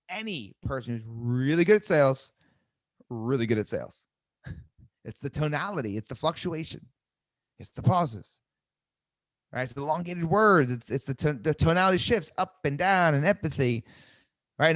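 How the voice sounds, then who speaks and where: A man coaching a live sales webinar, seated, energetic, repeating key phrases and asking "right?" often. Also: a little high, moderate pace, pauses often, no echo. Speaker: sales trainer. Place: seated indoors at a desk.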